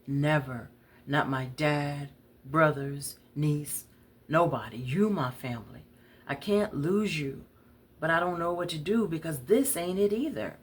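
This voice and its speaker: A woman storyteller voicing a devoted lover who is tender, helpless and blames themself, speaking softly and pleadingly. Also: low voice, a little slow, breathy edge. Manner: soft, pleading, self-blaming. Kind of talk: dramatic story reading.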